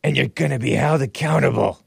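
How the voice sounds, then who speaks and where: A man putting on a rambling, halting impression of an elderly male politician. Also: mid-range voice, creaky, husky, dry recording, studio quality.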